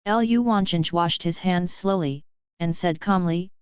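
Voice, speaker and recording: Woman reading an audiobook, low-ish voice, very clear, dry but kinda muffled sound. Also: measured pace, no echo. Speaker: audiobook narrator. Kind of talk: scripted audiobook narration.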